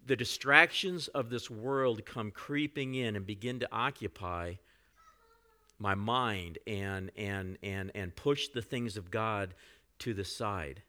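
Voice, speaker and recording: A pastor preaching a sermon in a conversational way, with frequent asides to the congregation. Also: male voice, lowish voice, unhurried, bright, forceful tone.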